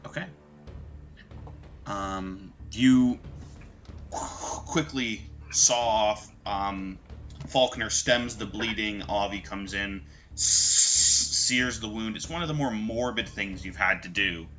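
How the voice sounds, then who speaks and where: Low, bright-toned man narrating as game master. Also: slow, faint music behind. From Canada. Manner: relaxed, hesitant narration with many ums. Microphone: video call.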